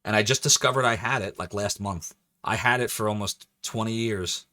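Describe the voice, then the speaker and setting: A man's voice: fairly low pitch, moderate pace, bright, forceful tone. A male game streamer chatting casually with his viewers as he plays, rambling and laughing often. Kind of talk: casual live-stream commentary.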